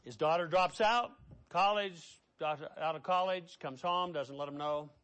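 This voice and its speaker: A middle-aged man preaching a sermon as pastor. He swings between hushed, quiet passages and loud, impassioned ones. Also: fairly high pitch, moderate pace.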